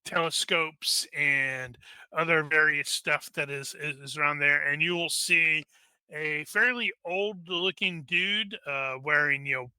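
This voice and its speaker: A game master narrates a tabletop game in a loose, rambling way, full of fillers and restarts. His voice is very bright and smooth, somewhat high for a man, and sits close and dry on the mic. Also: a little slow, no echo.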